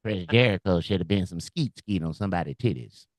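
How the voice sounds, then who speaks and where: A man's voice: low voice, a little fast, dry recording, clean studio sound. A man co-hosting a comedy podcast, firing off crude one-liners. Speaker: podcast co-host.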